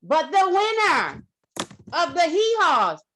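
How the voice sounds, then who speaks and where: A woman's voice: extremely high pitch, huge pitch swings, takes it slowly, fairly bright tone, a little hiss or hum. A woman giving an effusive meeting report on a video call, quoting speakers and laughing often. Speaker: meeting grammarian.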